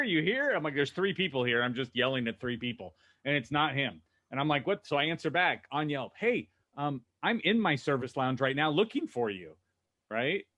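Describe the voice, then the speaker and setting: A man co-hosting a podcast, telling lively anecdotes and acting out what people said. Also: on the high side. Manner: animated anecdotes, acting out quotes. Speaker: co-host. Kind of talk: casual podcast storytelling.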